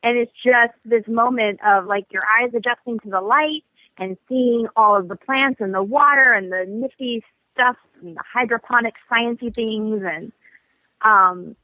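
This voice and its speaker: A woman's voice: mid-range voice, moderate pace, dry recording. A woman guest on a podcast, chatting with playful enthusiasm. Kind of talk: casual podcast chat. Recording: dry, tinny phone-like line.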